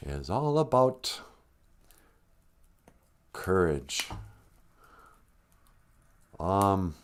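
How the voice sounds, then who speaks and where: A man's voice: lowish voice, animated, unhurried, long pauses, a little mellow. A man hosting a comedy live stream, who talks in a blunt, sarcastic, ranting way. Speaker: show host.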